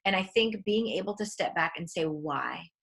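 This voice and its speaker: A woman interviewing a guest in a measured, earnest way, with frequent fillers. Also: mid-range voice, a bit bright. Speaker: interviewer, author. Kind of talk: conversational interview.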